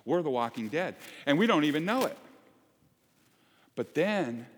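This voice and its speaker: A man preaching a sermon to his congregation, conversational and animated, joking with the people in the pews. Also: a little high, measured pace, slight background noise. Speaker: pastor. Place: church sanctuary. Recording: long hall reverb.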